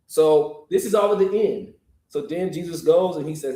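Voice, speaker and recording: A man's voice: normal speed, reverberant. A man preaching in an informal, colloquial way, retelling scripture stories and acting out the quotes with sudden jumps in his voice and chuckles. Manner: animated, acts out quotes with jumps in pitch and chuckles; colloquial, uses "y'all".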